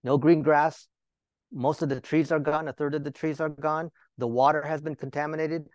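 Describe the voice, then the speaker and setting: A man's voice: fairly high pitch, fairly even intonation, moderate pace, a little mellow, dry recording. A male Bible teacher giving a sermon, talking to the listeners with rhetorical questions and joking asides.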